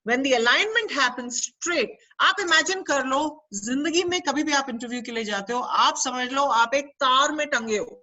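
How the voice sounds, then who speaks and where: A woman's voice: high-pitched, racing, hardly any pauses, pushed and bright, low-quality recording. An Indian woman giving a career counselling webinar to students, switching between English and Hindi and quizzing her listeners. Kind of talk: interactive webinar lecture. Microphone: video call.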